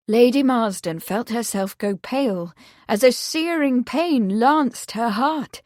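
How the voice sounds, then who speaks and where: A woman reading a mystery novel aloud in an expressive, clear way. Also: on the high side, slow, no room sound, studio quality. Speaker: audiobook reader. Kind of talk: scripted narration.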